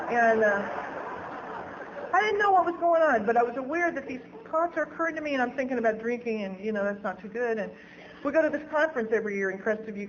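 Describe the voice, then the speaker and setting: A woman's voice: a little high, highs cut off, a little hiss or hum. A woman speaking at a recovery meeting, telling her own story candidly and laughing at herself. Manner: candid, self-mocking, laughs at own stories. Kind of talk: personal storytelling talk.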